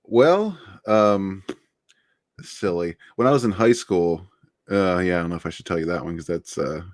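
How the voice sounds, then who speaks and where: A man's voice: low voice, normal speed, dry recording, studio quality. A man being interviewed on a casual livestream, laid-back and rambling, laughing often. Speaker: interviewed author.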